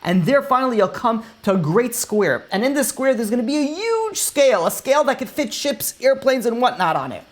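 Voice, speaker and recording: A man's voice: very high voice, big pitch swings, a little fast, few pauses, voice pushed up. Man telling as a stern summoning angel. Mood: instructing.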